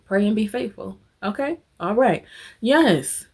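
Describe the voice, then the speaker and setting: A woman's voice: medium pitch, animated, slow pace, pauses often, darkish tone, breathy edge. Emphatic woman host giving a motivational talk. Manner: emphatic, preacher-like, addresses listeners as honey and y'all; guides listeners through a visualization.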